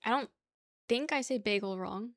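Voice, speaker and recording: This young woman's voice is fairly high in pitch, with a moderate pace and a dry recording. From the New York area, she's streaming casually, rambling, laughing frequently, and reading chat out loud.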